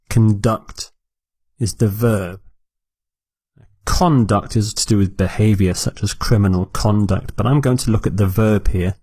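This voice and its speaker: A man teaching English vocabulary, repeating each word clearly and explaining it for learners. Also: fairly low pitch, darkish tone, no echo. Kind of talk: slow, deliberate vocabulary lesson.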